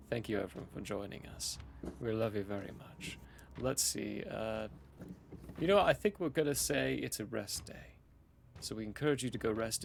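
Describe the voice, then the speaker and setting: A man's voice: medium pitch, creaky, a little hiss or hum. A man hosting a podcast, chatting casually and signing off in an upbeat way. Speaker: podcast host. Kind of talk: casual chat.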